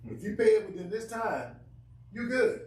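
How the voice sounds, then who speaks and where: A class member in a Bible study talks with earnest emphasis, his high-pitched, slightly mellow voice swinging widely in pitch at normal speed. He was recorded far from the mic in an echoey room with a bit of background noise.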